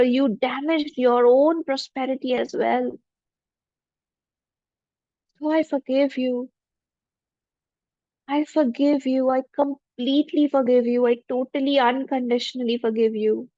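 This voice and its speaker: A spiritual teacher guides a forgiveness meditation, her voice slow, gentle, and sitting high with a steady tone. She speaks humbly, repeating affirmations, in a dull, lo-fi, dry recording with no echo.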